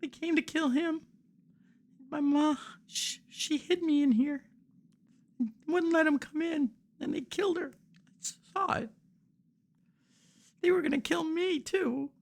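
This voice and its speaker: A man's voice: very high voice, vocal fry, pitched above the performer's own voice, exaggerated voice. A man voicing a frightened, grieving young village boy who stammers through his sobs. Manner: sobbing, halting, stammering repeats.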